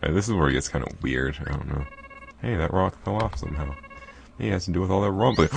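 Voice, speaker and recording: A man's voice: sits low, fast talker, gravelly, noisy background. A man hosting a let's play, chatting casually and apologetic over the gameplay. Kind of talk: casual game commentary. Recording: faint game music behind.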